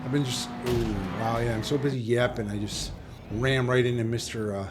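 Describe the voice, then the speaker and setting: A man's voice: mid-range voice, steady tone, normal speed. A man hosting a gaming channel, chatting casually and rambling with self-interruptions while he plays. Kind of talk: casual let's-play commentary. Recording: game audio and engine noise underneath. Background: race car engine sounds.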